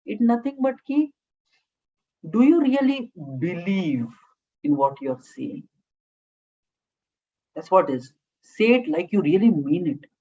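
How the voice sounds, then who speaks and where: A woman with an Indian English accent gives a classroom lecture as a communication trainer. Her voice sits fairly low, and she breaks her points into short phrases punctuated by "okay?". The recording sounds dull and lo-fi. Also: big pitch swings, slow pace, long pauses, warm tone, husky. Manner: talks in short phrases with frequent "okay?" check-ins, mixes Hindi into English.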